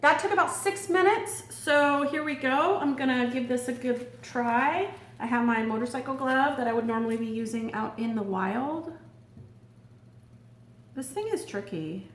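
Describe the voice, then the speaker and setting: A woman's voice: high-pitched, normal speed. A woman vlogger casually demonstrating gear at a table, chatty and thinking aloud with fillers. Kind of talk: casual product demo. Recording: roomy echo, faint background noise.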